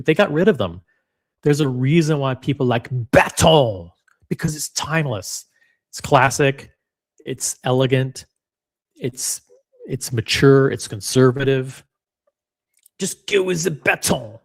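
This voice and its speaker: Male reaction host, mid-range voice, rambling, punchy, swears freely. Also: mid-range voice. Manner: animated, rambling, blunt and profane. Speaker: watch channel host reacting to clips. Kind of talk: casual reaction commentary.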